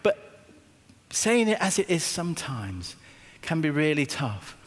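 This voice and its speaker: A man, a pastor preaching a sermon with stories and emphatic repetition, slowing down when he quotes scripture. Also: a little high, big pitch swings. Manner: anecdotal, emphatic, slows down on scripture. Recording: long reverb of a hall.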